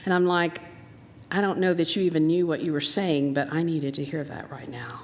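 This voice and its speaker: A woman's voice: deep voice, fairly even intonation, normal speed. A woman minister with a Southern American accent preaching a sermon, telling stories animatedly and acting out the voices she quotes. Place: church sanctuary. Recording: long hall reverb.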